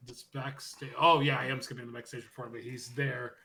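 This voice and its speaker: A man co-hosting a podcast, casually recapping wrestling and loudly acting out the quotes as he goes. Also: mid-range voice, fairly quick. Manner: animated storytelling, acts out quotes loudly. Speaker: podcast co-host.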